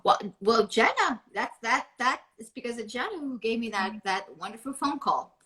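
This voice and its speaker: A woman actress in a casual interview chat, playful and halting as she restarts her sentences. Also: on the high side, pushed and bright, low-quality recording.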